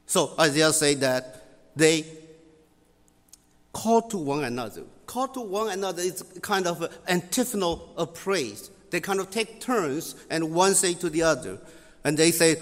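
High, lively male preacher in a hall. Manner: halting, many fillers, repeats key phrases for emphasis. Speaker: preacher teaching scripture. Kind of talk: sermon-style Bible teaching.

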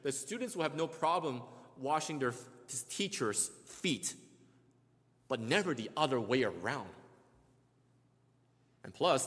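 Working through scripture one step at a time, a preacher speaks at a middle pitch with a fairly bright tone, often restarting and giving voice to the passages he quotes. Every phrase is followed by a long reverb tail from the hall.

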